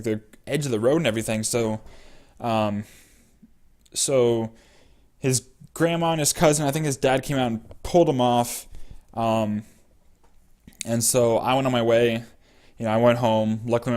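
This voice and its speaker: A man's voice: medium pitch, a little mellow. Rambling young man telling a story. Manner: rambling with many fillers. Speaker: vlogger. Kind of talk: casual storytelling.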